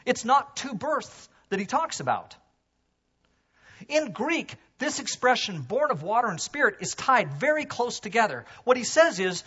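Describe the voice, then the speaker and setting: A man preaching a sermon to his congregation, animated, swinging from loud emphasis to hushed low asides. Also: unhurried, breathy edge, lo-fi sound. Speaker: pastor. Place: church sanctuary.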